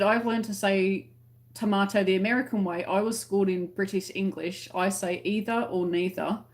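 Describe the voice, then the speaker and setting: An Australian woman hosting a casual crochet livestream, chatting to viewers and giggling as she explains slang. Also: medium pitch. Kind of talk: casual livestream chat reading comments.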